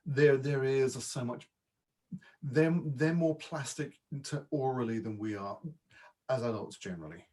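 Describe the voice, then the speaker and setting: A man with a slightly husky, breathy voice, chatting loosely as a guest on a podcast. He is a voice and dialect coach and often restarts his sentences mid-thought. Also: mid-range voice, a little slow, warm tone. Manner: chatty, with frequent false starts and repeats. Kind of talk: casual interview chat.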